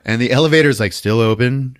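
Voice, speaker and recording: A man's voice: mid-range voice, brisk, dry recording, studio quality. A man hosting a podcast, recapping a movie in a profane, comedic storytelling manner, laughing often. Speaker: podcast host. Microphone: podcast mic.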